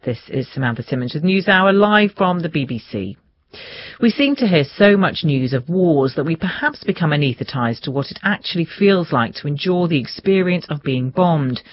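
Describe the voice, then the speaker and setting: A woman presenting the radio news in a measured, formal way. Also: low-pitched, expressive. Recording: dull lo-fi broadcast audio.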